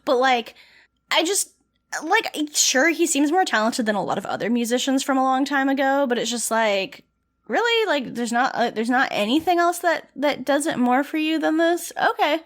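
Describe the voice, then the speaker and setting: A young woman with a fairly high voice co-hosts a podcast in easy, casual chat. She talks in an animated, sweary way, full of "like" fillers. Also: normal speed. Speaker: podcast co-host.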